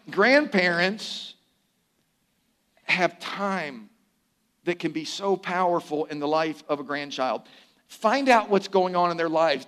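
His voice sitting high, an older man preaches in a conversational style, slipping in bits of humor. For key phrases, the pastor softens and slows down for emphasis.

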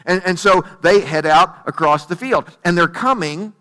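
Preaching at a moderate pace, the pastor tells his story in a conversational, plain-spoken way and keeps throwing out rhetorical questions. His voice is strikingly high, bright and forward, and the sound trails off with a long reverb tail.

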